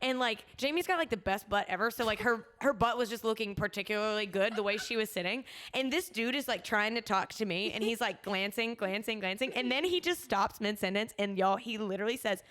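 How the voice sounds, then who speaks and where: A woman's voice: medium pitch, a little fast, hardly any pauses, a bit bright. A woman co-hosting a podcast, telling a story in casual chat, acting out quotes and laughing often. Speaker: podcast co-host.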